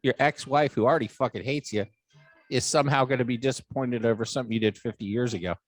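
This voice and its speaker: With faint music behind him and no echo, a middle-aged host talks fast in a mid-range voice on his podcast. He's an animated storyteller, relating a long humorous family story casually, mimicking the people he quotes and cursing liberally.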